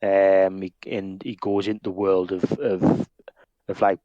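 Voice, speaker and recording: A man's voice: low voice, little pitch movement, a little slow, mellow, dry recording, highs cut off. A man with a northern English accent chatting casually on a podcast, hesitant with frequent restarts and laughs. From northern England. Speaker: podcast co-host. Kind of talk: casual chat.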